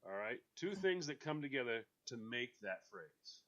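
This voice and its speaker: Guy hosting a radio chat, lively bright voice, jokey and fast-talking. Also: mid-range voice, muffled recording. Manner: animated, joking, quick bursts of excitement; laughs often while talking. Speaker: radio show host. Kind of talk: casual radio banter.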